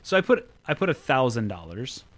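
A man's voice: medium pitch, very animated, a little fast. Blunt swearing man hosting a party game. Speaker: game host. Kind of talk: casual chat, party game.

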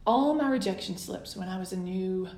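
Woman in her forties, a guest author telling her story, lively and expressive, in an echoey room. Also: medium pitch, normal speed. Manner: animated storyteller, acts out quoted letters. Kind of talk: casual storytelling interview. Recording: roomy echo.

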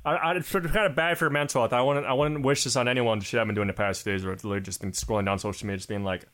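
A man's voice: mid-range voice, steady tone, racing, hardly any pauses, fairly bright tone. Young man ranting casually, swearing a lot. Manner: heavy swearing, rambling, filler-laden. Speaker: podcast co-host. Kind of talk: casual chat.

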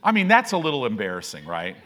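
A man's voice: medium pitch, huge pitch swings, fast talker, sharp tone. A man preaching a sermon as pastor, casual and self-deprecating, often checking in with "right?".

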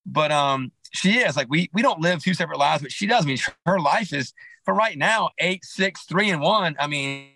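A man being interviewed on a podcast, telling a hunting story in a rambling, animated way with many restarts and asides. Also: fairly high pitch, normal speed, vocal fry, husky, no echo, rough recording. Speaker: podcast guest, clothing company founder.

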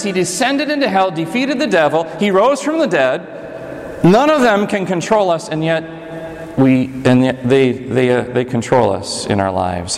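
Animated preacher man in an echoey hall. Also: gravelly. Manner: animated, swings between high urgent and low intimate delivery. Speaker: pastor. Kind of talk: sermon.

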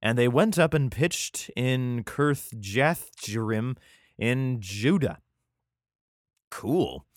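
A man's voice: medium pitch, lively intonation, extremely slow, no room sound, clean studio sound. Man reading scripture with sarcastic asides. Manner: irreverent, sarcastic profane asides. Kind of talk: reading scripture aloud with comedic commentary.

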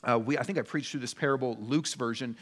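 A man's voice: medium pitch, fast, a bit bright. A man preaching a sermon as pastor, conversational and jokey, acting out little voices as he goes. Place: church.

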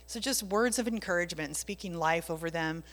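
A woman's voice: on the low side, a little fast, a bit bright. A woman sharing a casual faith testimony, telling it with animation and dropping into whispers for emphasis. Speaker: Christian speaker sharing a testimony. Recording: long reverb.

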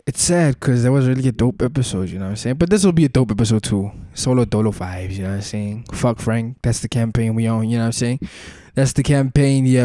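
A young man hosts his podcast alone, rambling through casual stories in loose street slang. His voice sits in a middle pitch. The recording is dry, with no room echo. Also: dark tone. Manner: slangy, laid-back storytelling with frequent filler tags. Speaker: podcast host. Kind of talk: casual solo podcast chat.

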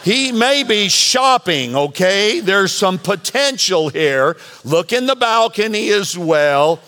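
A man preaching a sermon as pastor, animated and bantering with the congregation. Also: high-pitched, slow pace. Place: church sanctuary.

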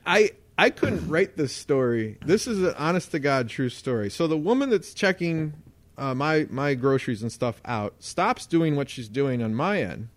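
A man co-hosting a casual podcast, telling a story in a lively way and acting out the voices of the people in it. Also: a little high, normal speed, dry recording. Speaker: podcast co-host.

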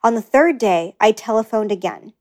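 A woman reads a first-person memoir aloud as an audiobook narrator. Her delivery is measured and earnest, at a middle pitch. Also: expressive, a little mellow.

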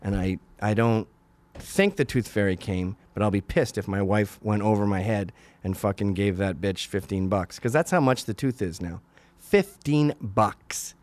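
A man in his forties hosting a podcast, delivering a crude comedic monologue with sudden loud outbursts. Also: on the low side, moderate pace. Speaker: podcast host.

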